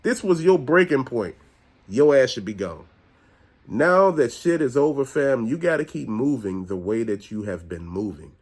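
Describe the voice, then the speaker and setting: A man hosting his own channel delivers a blunt, profane, preachy rant directly to viewers. His medium-pitched voice is expressive and moves at a moderate pace.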